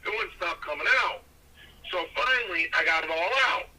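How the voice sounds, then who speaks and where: An older man, a former wrestler, telling a story casually with a husky voice and acting out what others said in their voices. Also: a little high, moderate pace, poor audio. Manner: animated, acts out other people's lines in their voices.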